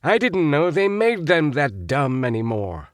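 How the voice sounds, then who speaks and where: A man's voice: on the high side, lively intonation, a little slow, dry recording, clean studio sound, voice pushed up. A man voicing a young male cadet upperclassman who snaps mock-stern orders. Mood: snapping.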